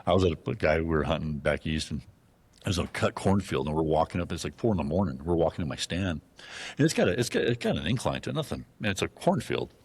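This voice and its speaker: This is a bowhunter from Arizona, a guest on a show, whose bass voice is fast and slightly rough. He tells casual, animated stories, acting out other people's lines and restarting frequently.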